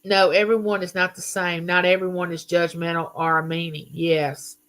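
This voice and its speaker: A woman's voice: on the low side, level tone, normal speed, a bit bright. A middle-aged woman hosting a live chat, greeting viewers and reading their comments aloud. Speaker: livestream host.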